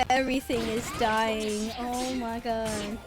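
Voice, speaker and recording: A woman's voice: on the high side, flat delivery, takes it slowly. A young woman streaming a game live, chatting loosely and teasing her viewers, swearing freely. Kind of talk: casual live-stream chat. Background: game music.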